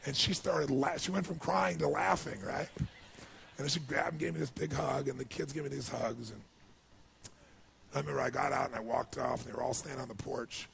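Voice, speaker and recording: A man speaks to an audience in a deeply gravelly, rough voice. He tells his story with feeling and swings up into excited, loud stretches. Faint ambient noise sits under the recording. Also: a little fast. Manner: emotional storytelling, builds to excited highs. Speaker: motivational speaker. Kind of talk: speech to an audience.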